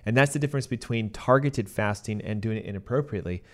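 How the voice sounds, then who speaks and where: A man's voice: on the low side, fast. Man explaining health topics on a podcast. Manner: explanatory, steady lecturing tone. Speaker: podcast co-host, doctor.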